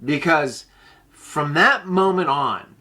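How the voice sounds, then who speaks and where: A man host telling a personal story in a casual, blunt way, swearing freely and slowing down to stress his points. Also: on the high side, expressive, sharp tone. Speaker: podcast host.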